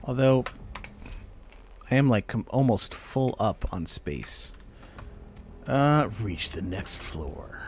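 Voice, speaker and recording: Playing a video game on stream from his home setup on camera, this man mutters rambling self-talk packed with fillers and trailing sentences. His voice is on the low side and animated, slow with frequent pauses, and a little hiss or hum sits under it.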